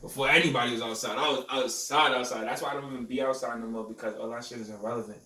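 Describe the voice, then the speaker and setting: In his twenties, a male podcast host races through casual stories in street slang, often asking if you feel him. His medium-pitched voice is steady yet bright and forceful. The audio is echoey and roomy, picked up by a distant mic with faint noise.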